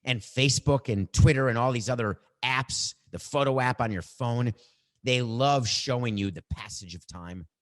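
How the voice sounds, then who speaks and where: A man's voice: mid-range voice, moderate pace. A middle-aged man hosting a podcast, musing aloud in a reflective monologue. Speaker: podcast host.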